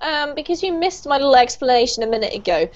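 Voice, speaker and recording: A woman's voice: high voice, animated, fast talker. A woman teaching an online pronunciation class, encouraging and upbeat, praising students often. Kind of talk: online group pronunciation lesson. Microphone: video call. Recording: dull lo-fi video call audio.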